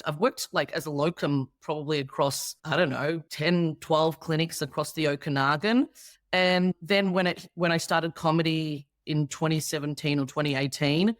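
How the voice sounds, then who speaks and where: A woman's voice: sits low, fairly even intonation, moderate pace, no room sound, clean studio sound. An Australian woman in her thirties, a guest comedian in a casual interview chat, telling stories with animation and acting out the people she quotes.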